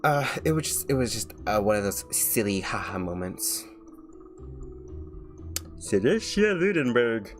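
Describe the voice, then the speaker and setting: Young male vtuber with a very low voice, chatty and rambling over faint background music. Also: animated, normal speed, hardly any pauses. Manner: rambling, full of filler "like"s and restarts. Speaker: vtuber streamer. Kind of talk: casual chat while drawing on stream.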